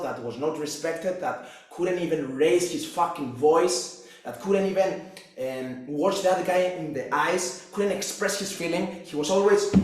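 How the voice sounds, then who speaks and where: A young man tells his own story as a fitness coach, intense and full of swearing. His voice sits high for a man. The sound bounces around a very echoey room. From Cyprus. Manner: intense, profane, restless delivery with restarts. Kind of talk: personal story monologue.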